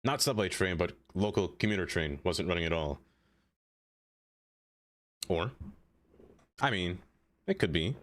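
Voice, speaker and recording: A man with a fairly low voice chats casually on a live stream and talks to viewers by name. He rambles, drifts between thoughts and fills his sentences with "like." His tone is loose and easygoing, never scripted. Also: animated, a little slow, long pauses, a bit bright. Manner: rambling, chatty, answers viewers by name, many "like" fillers. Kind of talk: casual live-stream chat while playing a city-building game.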